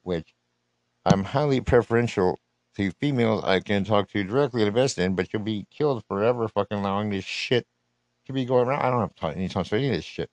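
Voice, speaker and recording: A man with a somewhat low voice launches into an unscripted live rant, swearing constantly and making threats as his thoughts run on. The recording is dry and close, with no room sound around him. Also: quick pace, dry recording, low-quality recording. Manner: profane, threatening, rambling rant. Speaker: solo podcaster.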